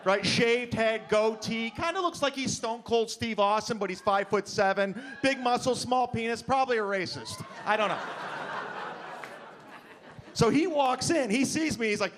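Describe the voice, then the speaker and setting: A man telling a stand-up story on a comedy club stage in a deadpan storytelling way, acting out quotes. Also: high voice, moderate pace, slight background noise. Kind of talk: stand-up set. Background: audience laughter.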